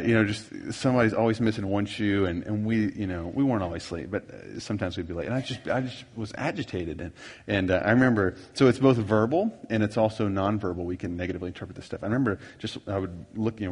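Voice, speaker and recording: Middle-aged male seminar host, low-ish voice, folksy and rambling, reverberant hall sound. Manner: folksy, rambling, self-deprecating with many fillers. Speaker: marriage workshop speaker. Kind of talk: conversational seminar teaching.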